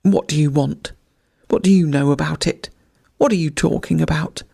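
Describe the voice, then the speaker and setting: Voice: medium pitch, moderate pace, creaky, warm tone, slightly rough. A reader voicing a frenzied, yelping hunting dog. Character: fanatically loyal male hunting dog. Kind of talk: bedtime story reading.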